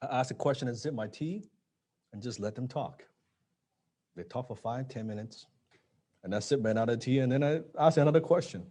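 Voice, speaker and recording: A man teaching a live sales training, blunt and casual, swearing now and then and dropping low to stress points. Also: brisk, long pauses, warm tone. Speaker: sales coach.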